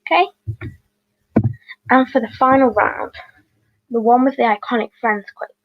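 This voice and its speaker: A woman reading out quiz questions as host, with chatty, apologetic asides and quick self-corrections. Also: fairly high pitch, fairly even intonation, no echo, muffled recording.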